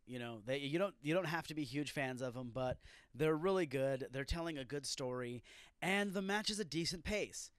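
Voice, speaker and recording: Reacting to a wrestling show on his solo review podcast, the host rants, swears and erupts in irritation. His slightly high voice is expressive and clear with a resonant tone, his pace is moderate, and the recording is dry and studio quality.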